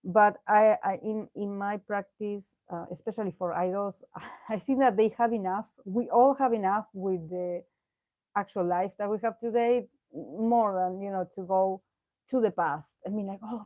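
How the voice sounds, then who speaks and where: A woman talks through a tarot reading in a loose, chatty way, laughing often and restarting her sentences. Her voice sits at a middling pitch and is recorded close and dry, with almost no room sound. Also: moderate pace, mellow, dry recording. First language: Spanish. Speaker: tarot reader. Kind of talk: casual tarot reading commentary.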